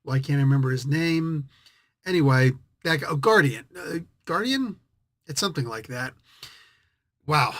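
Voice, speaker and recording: Rambling man reviewing comics, slightly high voice. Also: expressive, normal speed, long pauses, fairly bright tone, dry recording. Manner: rambling, self-correcting, thinking aloud. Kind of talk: casual review monologue.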